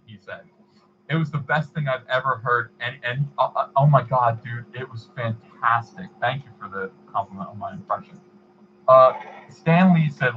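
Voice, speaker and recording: A man hosting a livestream, chatting casually and reading donations, in a rambling, halting way. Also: mid-range voice, fairly bright tone, dull audio, slight background noise. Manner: rambling, halting, many fillers and restarts. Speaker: livestream host.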